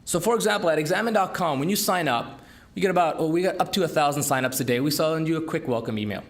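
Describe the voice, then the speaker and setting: A man giving a business talk to an audience, with an emphatic, lively delivery and rhetorical questions. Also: fairly high pitch, fast talker. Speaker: entrepreneur speaker. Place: conference room.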